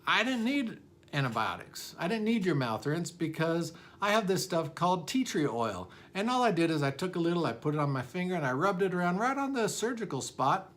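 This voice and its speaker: A man doing a calm, confident woman patient. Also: high voice, brisk, pitched above the performer's own voice. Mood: self-assured.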